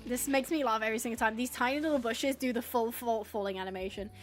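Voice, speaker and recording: With faint music in the background, an English woman speaks fast in a voice on the high side. She's live-streaming a game, rambling in a relaxed way and frequently laughing as she reads messages from the chat.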